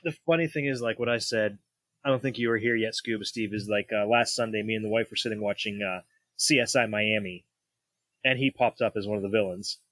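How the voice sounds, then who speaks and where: A man's voice: fairly low pitch, steady tone, a little fast, a bit bright, dry recording. A man co-hosting a casual film review podcast. He laughs a lot, swears and tells stories. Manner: laughing, profane, storytelling. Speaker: podcast co-host.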